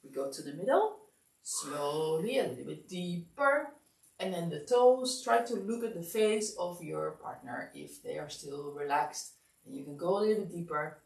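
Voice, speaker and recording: Woman massage teacher, sleepy, lively sing-song counting, gravelly low voice, roomy distant sound. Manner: calm step-by-step guidance, counting aloud. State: sleepy, yawning. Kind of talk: instructional class demonstration. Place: massage studio.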